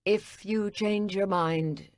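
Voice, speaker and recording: In an audiobook, a woman voices a busy, apologetic male executive, and what comes through is a man's voice of fairly high pitch at a moderate pace, close to an everyday voice. The recording is dry with clean studio sound.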